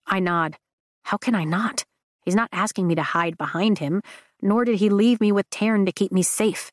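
A woman narrating a first-person audiobook in a steady, measured way. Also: lowish voice, dry recording, clean studio sound.

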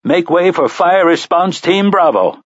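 A man voicing a robot fire engine that blares announcements loudly and mechanically. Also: high voice, animated, a little slow, dry recording, muffled recording, voice pushed up. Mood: commanding.

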